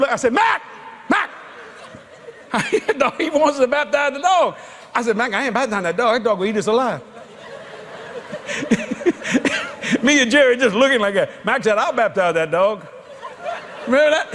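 A man who is a traveling evangelist, telling a comic story in a folksy, animated way, laughing and bursting into shouts. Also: very high-pitched. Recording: noisy background.

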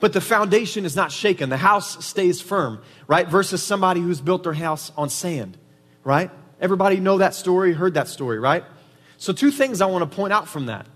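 A man's voice: high voice, expressive, normal speed, fairly bright tone. A male pastor preaching a conversational sermon in a church, often asking "right?" to the congregation. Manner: conversational preaching, frequent "right?" tag questions. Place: church sanctuary. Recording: reverberant hall.

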